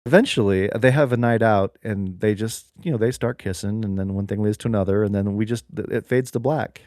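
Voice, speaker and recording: A young man co-hosting a comedy podcast, rambling through an absurd story in a deadpan way. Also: fairly low pitch, brisk, no echo, studio quality. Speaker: podcast co-host. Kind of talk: casual comedic chat.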